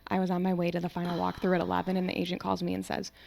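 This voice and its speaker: A woman in her twenties, a real estate agent co-hosting a podcast, telling a story in a fast, animated, casual way with lots of "like.". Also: lowish voice, gravelly, no echo. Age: 20s.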